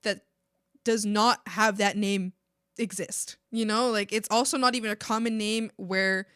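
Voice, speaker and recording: Animated young woman with a dry, close sound. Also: mid-range voice, measured pace, smooth, dry recording. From Mexico. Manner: animated, ranting, laughs often, swears casually. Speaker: art streamer. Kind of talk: casual live-stream chat.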